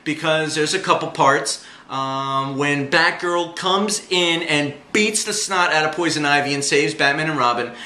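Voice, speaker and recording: A male movie reviewer chats enthusiastically in a casual vlog, full of slang and jokes. His voice is bright and forceful, sitting a bit high. The room is echoey, with a faint hum underneath. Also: unhurried, few pauses.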